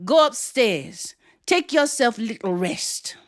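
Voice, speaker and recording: A woman voicing a tall, regal aunt, speaking in a stern, hushed, dryly teasing way. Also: fairly high pitch, expressive, slow pace.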